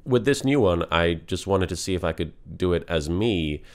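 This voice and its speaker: A man talking candidly and reflectively in a confessional vlog, in a halting way. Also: low voice, animated. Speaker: vlogger.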